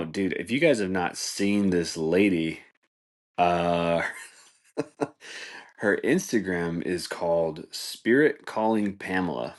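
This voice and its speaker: Low-voiced rambling podcast dude. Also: male voice. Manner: rambling, laid-back, says "dude" and "like" a lot, laughs at his own jokes. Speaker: podcast host. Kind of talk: casual comedic monologue.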